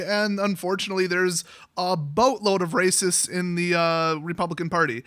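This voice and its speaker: Guy ranting sarcastic and fed up, kinda high bright voice, dry close sound. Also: fairly even intonation, moderate pace, no echo. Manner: sarcastic, exasperated, mocking voices. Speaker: YouTuber. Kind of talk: political rant.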